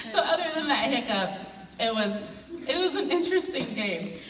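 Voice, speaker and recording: Woman stand-up comic, animated storyteller doing family voices, recorded from across a reverberant event hall. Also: a little high, normal speed. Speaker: stand-up comedian. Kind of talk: stand-up comedy set. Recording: roomy hall, voice from far off.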